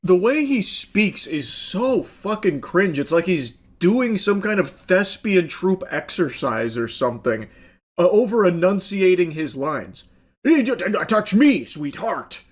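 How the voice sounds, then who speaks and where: A man's voice: sits high, very animated, a little slow. A man commenting on a video clip in a sarcastic, exasperated way, swearing bluntly. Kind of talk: reaction commentary.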